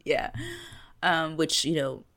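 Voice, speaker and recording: A young woman co-hosting a podcast, casually recapping an episode and acting out the characters' lines with lively chatter. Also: low voice, slow pace. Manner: animated, acts out quotes from the show. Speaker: podcast co-host.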